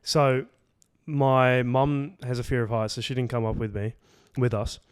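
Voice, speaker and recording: A man's voice: mid-range voice, fairly even intonation, measured pace, clean tone, dry recording, studio quality. A young man, telling a travel story in a loose, rambling way, full of "like" and casual swearing, on a podcast. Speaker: podcast co-host. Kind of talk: casual chat.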